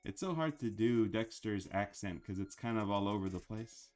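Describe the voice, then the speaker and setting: Chatty low-voiced man. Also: animated, normal speed, darkish tone, soft background music. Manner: rambling, chatty, with frequent fillers. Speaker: animator chatting about cartoons. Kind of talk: casual chat.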